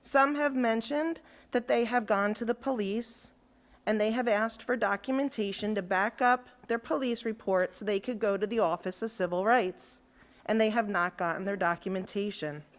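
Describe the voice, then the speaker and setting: Woman at a board meeting, calm but pointed, scolding the board. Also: medium pitch. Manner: firm, measured, reproachful. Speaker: resident giving public comment. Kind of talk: prepared public comment at a meeting. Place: school board meeting room.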